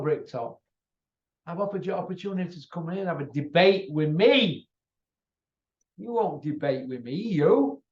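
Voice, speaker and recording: A high-voiced man rants and taunts in a combative, repetitive way. His voice sits off the mic in an echoey room. The recording sounds dull and lo-fi. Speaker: channel host. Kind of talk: ranting monologue to camera. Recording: roomy, distant, dull lo-fi sound.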